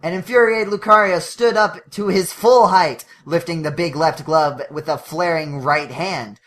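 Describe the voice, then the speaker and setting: A podcast co-host reads a fanfiction aloud for comedy, often laughing mid-sentence and going back over stumbled words. The voice sits at an ordinary middle pitch. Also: unhurried, hardly any pauses, a bit bright. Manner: reads with frequent laughs and self-corrections.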